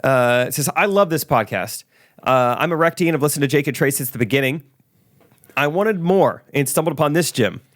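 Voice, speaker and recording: A man's voice: a little high, lively intonation, dry recording, studio quality. A man co-hosting a podcast, joking around and reading out a listener review. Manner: joking, quick to laugh. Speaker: podcast co-host.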